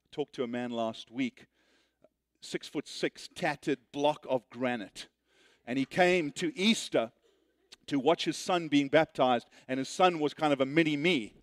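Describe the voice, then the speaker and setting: A man preaching a sermon as pastor, telling stories earnestly and dropping to a hushed tone to make his point. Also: fairly high pitch, a little slow, no echo, studio quality. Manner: earnest storytelling, rising then hushed.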